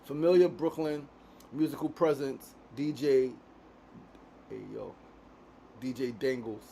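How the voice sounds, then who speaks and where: A man's voice: mid-range voice, slow, creaky, pauses often, mellow. A man from Queens, hosting a casual daily show in a studio. He talks in a laid-back way, swears freely and keeps tagging his sentences with "right?". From Queens, New York. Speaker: podcast host.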